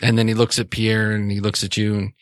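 Low-voiced man running a tabletop game. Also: monotone, no room sound, clean studio sound. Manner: rambling, halting with fillers. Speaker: game master.

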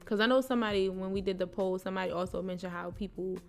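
A woman podcast co-host in casual chat, relaxed and quick to agree. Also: medium pitch, soft background music. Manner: relaxed, reacts with short agreements.

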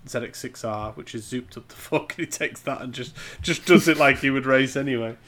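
A man co-hosting a podcast in relaxed, joking chat. His voice sits at an everyday pitch for a man. He answers his co-host with easy, offhand banter. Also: fairly quick, a little hiss or hum. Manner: laid-back, joking banter. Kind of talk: casual chat.

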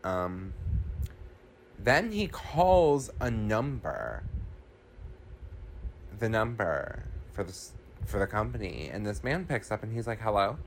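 A man's voice: fairly low pitch, sing-song, takes it slowly, long pauses, a little hiss or hum. A man hosting a podcast, recapping a film in a loose, profane, casual way with many ums and likes.

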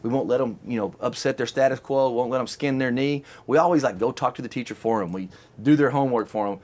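A middle-aged man hosting a casual chat, telling a long story in an animated, chatty way and laughing often. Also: medium pitch, fast talker. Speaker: podcast host telling a story.

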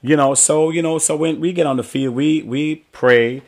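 A man who referees games, talking sincerely on a podcast in a halting way, often repeating words. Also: fairly high pitch. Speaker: sports referee. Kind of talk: casual podcast chat.

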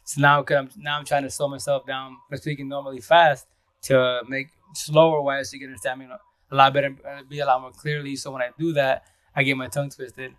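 A man hosting a casual live stream, talking fast and rambling, with restarts and repeated words. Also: mid-range voice, flat delivery, a bit bright, no echo. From Seattle area. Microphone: phone.

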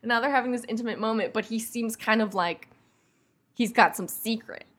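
A woman co-hosting a casual movie review chat, giggly and animated, full of "like" fillers. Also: on the high side, brisk. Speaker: podcast co-host.

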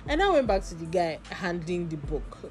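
A woman's voice: fairly low pitch, sing-song, moderate pace, slight background noise. A woman with a Nigerian accent, telling a long story in a casual vlog and full of asides and acted-out dialogue. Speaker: vlogger.

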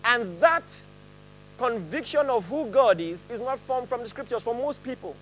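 A male pastor preaching in a high, sing-song voice that leaps up and down. He laughs easily and calls his congregation to read aloud with him. A faint hum sits under the sound. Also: normal speed, low-quality recording. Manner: animated, laughing, leads the congregation in reading aloud. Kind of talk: sermon. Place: church hall with a congregation.

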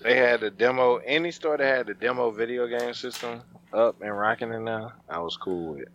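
A man on a podcast making laid-back, measured remarks in casual banter. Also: medium pitch, fairly bright tone, muffled recording, slight background noise.

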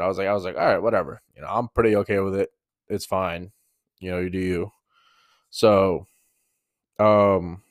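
A young man with a fairly low voice tells a long work story on his podcast. He rambles, swears freely and keeps restarting his sentences. The sound is dry and close to the mic. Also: no room sound. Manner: rambling, profane, restarts and self-corrections. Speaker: podcast host. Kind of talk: casual storytelling monologue. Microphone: mouth-close microphone.

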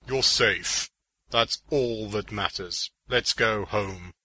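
A protective male hero speaks in low-key, reassuring tones, as a male narrator plays him in an audiobook story. The voice is husky but bright. He talks slowly and evenly. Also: dry recording, heavily acted, rough recording. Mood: steady.

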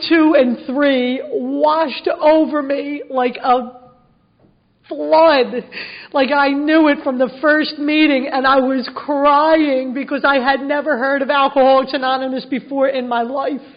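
A middle-aged woman with a high voice tells her recovery story to a room, earnest and emotional, breaking it up with self-mocking jokes. Her stays strong throughout. The recording sounds dull and lo-fi. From Philadelphia, USA. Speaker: recovery meeting speaker. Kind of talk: personal testimony talk to an audience.

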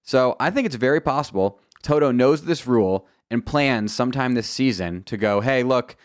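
A man's voice: mid-range voice, normal speed, dry recording, studio quality. A man hosting a podcast, giving casual commentary in a chatty, wry, self-assured way with lots of asides. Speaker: podcast host.

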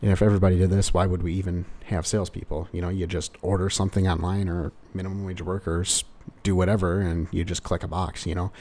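Rambling man with a mellow voice. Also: low voice, level tone, fast talker. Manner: rambling, full of "you know" fillers. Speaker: car salesperson. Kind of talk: casual sales advice monologue.

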